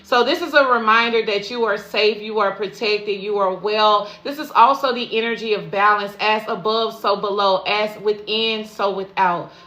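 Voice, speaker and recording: Bright-voiced woman giving a tarot reading. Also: mid-range voice, moderate pace, hardly any pauses. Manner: repeats affirmations and calls listeners "y'all" and "baby". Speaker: intuitive tarot reader. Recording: echoey room with faint music.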